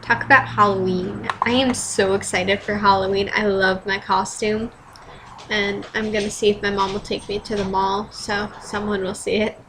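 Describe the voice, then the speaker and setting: A woman's voice: mid-range voice, little pitch movement, moderate pace, background noise. A teenage girl vlogging casually, rambling through fan dares with self-deprecating asides and casual swearing, filmed at home on a webcam.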